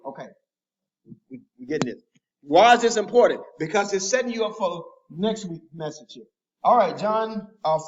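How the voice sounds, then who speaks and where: A man preaching a sermon in a call-and-response style, informal and emphatic, often asking the listeners to finish his sentences. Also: sits high. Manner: asks the congregation to fill in words. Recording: echoey, dull lo-fi room sound.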